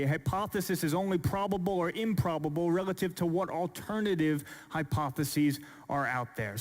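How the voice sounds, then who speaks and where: Earnest man speaking in a big hall. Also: sits high. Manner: earnest, measured, rhetorical questions. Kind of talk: apologetics talk to an audience. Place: large church hall. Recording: long hall reverb.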